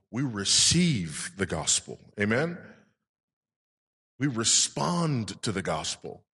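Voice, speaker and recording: A man's voice: fairly low pitch, a bit bright, husky. A male pastor preaching a sermon with emphasis, putting rhetorical questions to his congregation. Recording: long reverb in a large hall.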